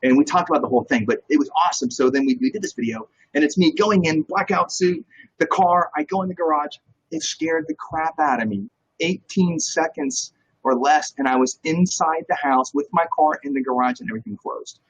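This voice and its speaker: A man's voice: fairly high pitch, brisk, a little hiss or hum, low-quality recording. A man, a real estate broker, talking as a guest in a casual interview and telling stories with lots of energy. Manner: energetic, animated storyteller.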